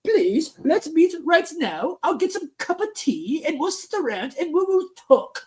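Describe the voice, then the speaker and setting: A man voicing a prim, meek European man as a mocking caricature, in a high, mincing manner. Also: sing-song, unhurried, exaggerated voice.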